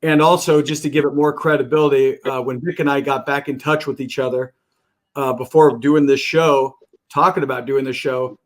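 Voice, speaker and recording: A man's voice: medium pitch, steady tone, normal speed. A man hosting a casual podcast interview, eager and often restarting his sentences.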